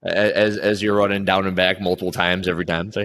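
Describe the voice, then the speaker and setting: Low-voiced male coach, loose conversational interviewer who trails off and restarts. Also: level tone, fast, fairly bright tone. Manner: rambling, with frequent restarts. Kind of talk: casual interview chat.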